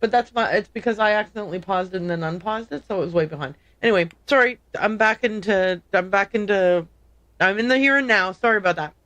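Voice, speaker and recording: A woman's voice: mid-range voice, fast talker, fairly bright tone, dry recording. A woman hosting a livestream, chatting casually and rambling as she plays a game, often stopping to correct herself. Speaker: livestream host playing a game. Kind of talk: casual gameplay commentary.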